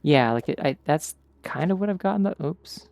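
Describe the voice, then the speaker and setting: A man's voice: a little high, animated, moderate pace, gravelly, a little mellow. A man streaming a game, chatting casually in a rambling way full of filler words. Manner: rambling, digressive, many "like" fillers. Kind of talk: casual chat while gaming. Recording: faint background game music.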